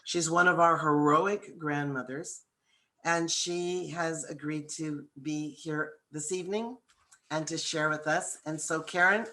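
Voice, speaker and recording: A woman hosting a virtual event, telling a heartfelt story in an earnest, unhurried way before introducing a guest. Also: sits low, fairly bright tone. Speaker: program organizer hosting the event.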